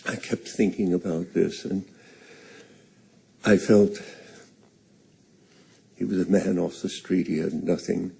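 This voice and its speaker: An older man slowly telling a personal story on stage, halting and earnest. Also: low-pitched, creaky, warm tone, breathy edge.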